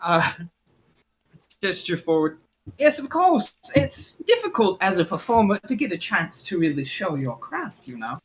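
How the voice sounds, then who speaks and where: Higher-voiced male tabletop player. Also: wildly swooping pitch, moderate pace, a bit bright, a little hiss or hum, poor audio. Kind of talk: in-character tabletop role-play.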